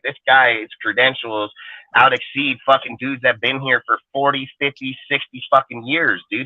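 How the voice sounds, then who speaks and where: A man's voice: mid-range voice, dry recording. A man co-hosting a sports fan roundtable, ranting emphatically and swearing constantly. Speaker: podcast co-host. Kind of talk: heated fan roundtable talk. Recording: narrow phone-like dry sound.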